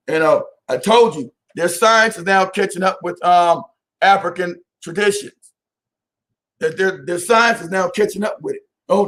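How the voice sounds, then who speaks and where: A man hosting a casual live stream, talking to viewers by name, animated and often laughing. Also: high voice.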